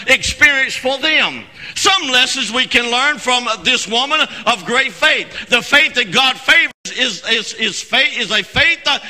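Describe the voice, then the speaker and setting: High, bright-voiced man preaching a fervent sermon. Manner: fervent preaching with call-and-response to the congregation; frequent "uh" fillers and restarts, swings from shouting to low asides. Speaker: senior pastor. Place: church sanctuary. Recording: long hall reverb in a church.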